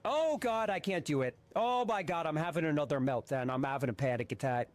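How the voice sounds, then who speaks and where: A man's voice: on the high side, lively intonation, a little fast, close to an everyday voice. A man playing a bumbling stand-in host who keeps panicking and rambling in a comedy bit. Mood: panicky. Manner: frantic, self-doubting rambling.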